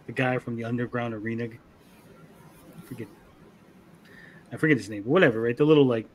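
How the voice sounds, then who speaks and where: A young man co-hosting a casual anime review, animated, acting out character lines in funny voices. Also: medium pitch, brisk. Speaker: podcast co-host.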